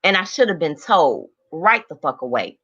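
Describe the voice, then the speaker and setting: A woman's voice: low voice, big pitch swings, moderate pace, a bit bright, slightly rough, lo-fi sound. Blunt profane woman ranting on a stream. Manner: blunt, heavily profane, greets viewers by name. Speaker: livestream host. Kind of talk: angry livestream rant to chat.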